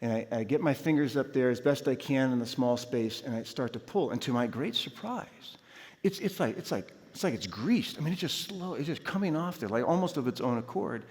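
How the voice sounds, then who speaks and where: A man's voice: mid-range voice, fairly quick. Man telling a story in a reverberant chapel. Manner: animated storytelling, acts out his own shouts. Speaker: chapel speaker. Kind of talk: storytelling sermon. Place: large university chapel. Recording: long hall reverb.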